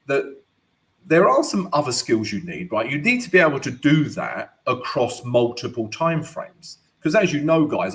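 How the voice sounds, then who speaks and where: A man hosting a live-stream trading lesson and Q&A, chatty and loose, ending points with "right?". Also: medium pitch. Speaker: forex trading educator and host. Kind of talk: live-stream market analysis and Q&A.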